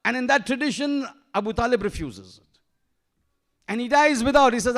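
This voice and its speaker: High-voiced man preaching emphatically. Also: moderate pace, a bit bright. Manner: emphatic, rhetorical questions, Arabic terms and verses. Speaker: shaykh giving a majlis lecture. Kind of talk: sermon. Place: mosque.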